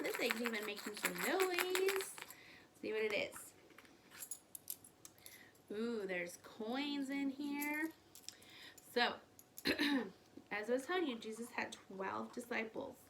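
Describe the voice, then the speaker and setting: A woman telling a Bible story to children in an animated, sing-song way, asking her young listeners questions as she opens each egg. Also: a little high, slight background noise.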